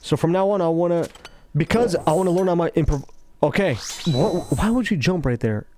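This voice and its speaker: A man giving casual, rambling commentary over gameplay, talking slowly with a laid-back, self-interrupting, somewhat mumbled delivery. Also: a little high, darkish tone, slight background noise. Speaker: gaming commentator.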